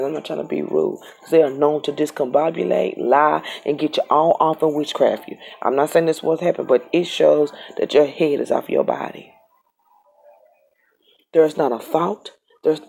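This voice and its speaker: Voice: mid-range voice, gravelly, warm tone, breathy edge. A tarot reader giving a casual reading straight to the camera, emphatic and repetitive.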